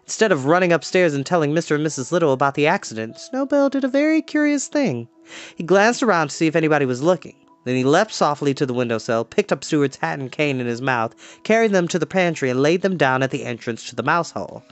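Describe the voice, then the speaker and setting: A storyteller reading a children's book aloud in an expressive, lively way. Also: medium pitch, fast, soft background music.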